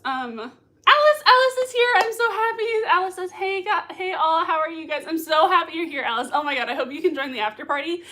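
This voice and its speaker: Woman, high voice, bubbly, giggly, gushing livestream host reading chat at home. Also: fairly bright tone. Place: home room.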